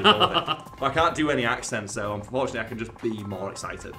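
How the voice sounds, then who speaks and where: A man's voice: medium pitch, fairly quick, faint music behind. A man hosting a casual let's-play, joking and swearing with a guest while commenting on the game. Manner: jokey, animated, swears freely. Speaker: gaming channel host.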